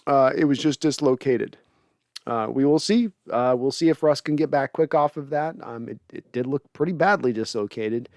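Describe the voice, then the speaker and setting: A man's voice: fairly high pitch, darkish tone, no echo, clean studio sound. Exasperated, rambling male sports podcast host. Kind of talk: casual post-game reaction livestream.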